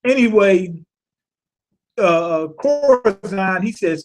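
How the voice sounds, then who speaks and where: A man's voice: high-pitched, measured pace. A man giving a casual, profane recap of a comic chapter, rambling and laughing as he swears his way through the plot. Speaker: manga reviewer.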